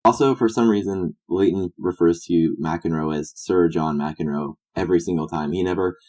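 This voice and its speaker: A man co-hosting a comedy podcast, rambling through a silly improvised pitch. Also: normal speed, darkish tone. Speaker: podcast co-host. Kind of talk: casual comedic chat.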